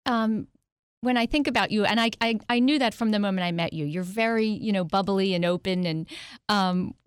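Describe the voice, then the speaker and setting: A woman's voice: medium pitch, brisk, clean tone, no echo, studio quality. A middle-aged woman hosting an interview, asking curious, searching questions with many fillers. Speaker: interview host. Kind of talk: conversational interview.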